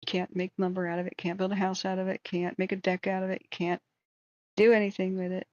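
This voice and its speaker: Hoarse woman ranting angrily on a livestream. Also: mid-range voice, little pitch movement, fairly quick, darkish tone, no echo, lo-fi sound. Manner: angry, indignant, exasperated. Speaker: wildfire tracking livestream host.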